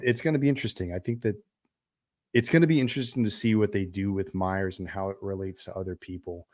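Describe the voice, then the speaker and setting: Low-voiced rambling man chatting on a livestream. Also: a little mellow. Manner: rambling, many fillers and restarts. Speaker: film director hosting a livestream Q&A. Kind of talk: casual livestream chat, reading viewer questions.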